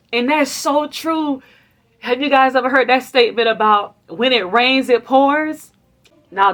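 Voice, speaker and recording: A woman hosting a motivational faith talk, speaking in a preachy, conversational way, asking her listeners questions and acting out the complaints and affirmations she quotes. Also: sits high. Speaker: host.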